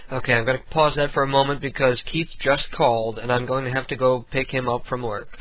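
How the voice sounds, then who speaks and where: A man's voice: mid-range voice, fairly even intonation, fast talker, no room sound, dull audio. Rambling profane radio host, man. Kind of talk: casual solo radio show chat. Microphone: home desk microphone.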